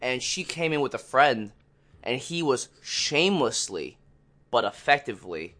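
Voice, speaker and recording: A man's voice: medium pitch, sing-song, unhurried, bright, forceful tone. Man telling a rambling story. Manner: rambling anecdote teller, acts out others' lines. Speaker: podcast co-host. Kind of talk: casual storytelling chat.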